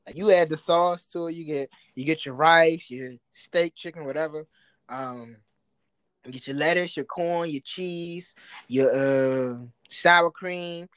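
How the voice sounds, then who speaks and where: A man's voice: fairly high pitch, a little slow, fairly bright tone, clean tone, dry recording. A man co-hosting a podcast in casual chat, rambling and trailing off in slangy talk. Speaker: podcast co-host.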